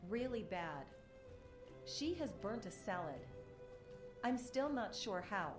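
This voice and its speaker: A woman's voice: medium pitch, very animated, slow pace. A woman voicing a cheerful, chatty young villager in a game, with an AI-generated voice. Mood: teasing. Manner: chatty, lightly joking. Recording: echoey game audio over music.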